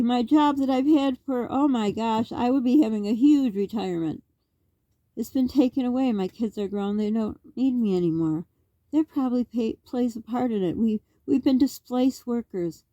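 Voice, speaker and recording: This fairly high, warm female voice comes through lo-fi, with no room sound. A middle-aged Canadian woman vlogs straight into the camera in a wandering, heated monologue full of rhetorical questions.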